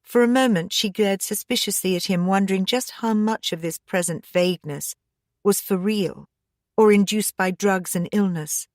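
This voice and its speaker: A woman narrating a mystery audiobook in a steady, measured manner. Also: medium pitch, no room sound, clean studio sound. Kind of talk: scripted narration.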